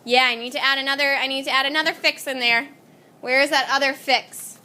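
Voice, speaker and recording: A woman's voice: high-pitched, fairly even intonation, a little fast, bright, forceful tone. A woman teaching a classroom lesson, calling on students by name and encouraging them.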